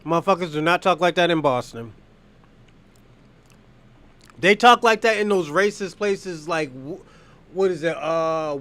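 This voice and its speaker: A man's voice: a little high, lively intonation, unhurried, pauses often, pushed and bright. A man streaming casual, profane reaction commentary, blunt and mocking as he talks over footage. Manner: mocking, blunt, swears freely, laughs at others.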